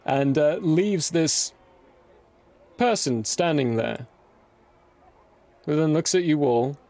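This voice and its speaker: A man's voice: on the high side, slow pace, darkish tone. A man narrating a tabletop game as game master, describing scenes while searching for words.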